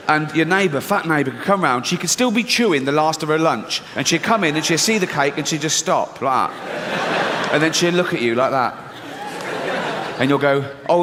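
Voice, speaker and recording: A man's voice: fairly high pitch, background noise. An English man doing a stand-up routine, telling a story in a brash, profane, mock-incredulous way. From England. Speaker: stand-up comedian. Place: live comedy venue. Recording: live stage recording in a reverberant hall with audience ambience.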